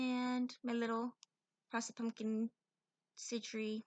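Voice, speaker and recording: A woman's voice: medium pitch, normal speed, pushed and bright, muffled recording. A woman in casual, self-deprecating chat, laughing easily. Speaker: co-host.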